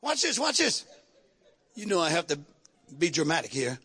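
Pastor, man, animated sermon with call-and-response, bright, sharp tone. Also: on the high side, moderate pace, slightly rough. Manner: dramatic, humorous, call-and-response preaching.

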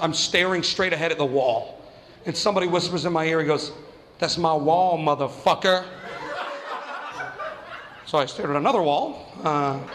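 Animated high-voiced male stand-up comic. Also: in a large hall. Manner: animated, acts out quoted voices with big jumps. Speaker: stand-up comedian. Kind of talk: stand-up storytelling.

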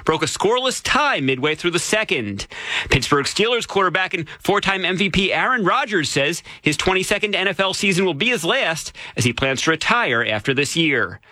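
A man reading a scripted sports news update as anchor, in a brisk, even newsreader delivery. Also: high-pitched, no echo.

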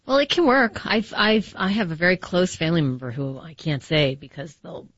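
Wry husky-voiced woman co-host. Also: fairly low pitch, fairly bright tone, no echo, highs cut off. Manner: wry, joking, quick asides. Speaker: podcast co-host. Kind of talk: casual science chat.

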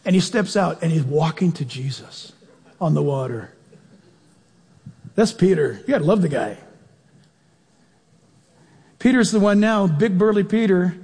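A male preacher delivering an animated sermon, acting out voices and calling questions to his congregation. His voice is high and husky. It echoes with long reverb in a church hall. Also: unhurried, pauses often. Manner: animated, acts out quotes, questions the audience.

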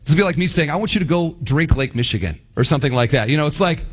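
A man preaching a sermon, acting out biblical characters' voices with big pitch swings. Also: animated, racing, hardly any pauses, big-room sound. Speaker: pastor.

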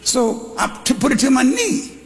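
An older man preaching a sermon, telling a story and shouting to a congregation in call-and-response. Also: very high voice, sing-song, moderate pace, vocal fry. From Texas. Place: church hall. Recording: live in a reverberant church with congregation.

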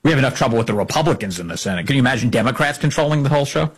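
Indignant, husky-voiced male political commentator. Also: mid-range voice, animated, rapid-fire. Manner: sarcastic, indignant, mocks quotes with put-on voices.

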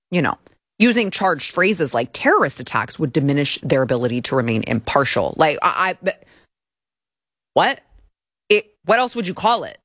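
A woman's voice: lowish voice, fairly bright tone, no room sound. A woman hosting an opinionated political commentary show from a broadcast studio, mocking and sarcastic. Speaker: show host.

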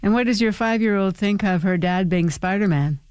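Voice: medium pitch, moderate pace, darkish tone, clean tone, no echo. A radio interviewer asking curious questions with light laughs.

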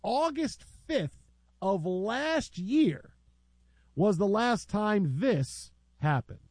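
Joking, high-voiced sports talk host man. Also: lively intonation, darkish tone, dry recording. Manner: joking, riffing, quick asides. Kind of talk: casual sports talk chat.

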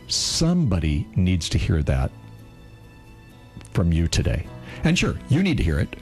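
A man's voice: deep voice, sing-song, a little mellow, faint music behind. Earnest man in his sixties telling a story. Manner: earnest, emotional, pausing on key words. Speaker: radio show co-host. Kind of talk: heartfelt storytelling on a call-in radio show.

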